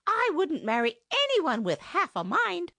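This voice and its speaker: A woman voicing an excitable, fussy old fairy dame who gasps and screams in a high shrill voice. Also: unhurried, no room sound, full character voice. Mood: shrieking.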